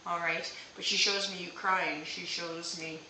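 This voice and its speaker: A woman gives a live-streamed psychic reading in a very bright, sharp-edged voice, gentle and reassuring as she checks in with "okay?". She sits back from the mic in an echoey room with faint hiss behind her. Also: fairly low pitch, fairly even intonation, unhurried, recorded from a distance. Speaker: psychic medium.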